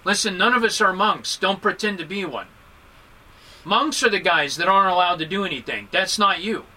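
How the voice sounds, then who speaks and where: High, bright, animated Buddhist teacher. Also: male voice, moderate pace, low-quality recording. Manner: animated, joking, emphatic with swings in pitch. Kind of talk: dharma talk.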